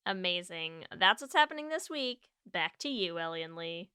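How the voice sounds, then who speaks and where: A woman's voice: lowish voice, big pitch swings, normal speed, bright, forceful tone, clean tone, dry recording, clean studio sound. A woman co-hosting a podcast, blunt and emphatic, repeating herself for stress in casual chat. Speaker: podcast co-host.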